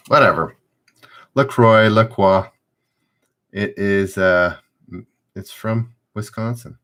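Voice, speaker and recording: A man's voice: lowish voice, fairly bright tone. A man hosting a live-streamed trivia game, reading questions aloud and chatting loosely with viewers.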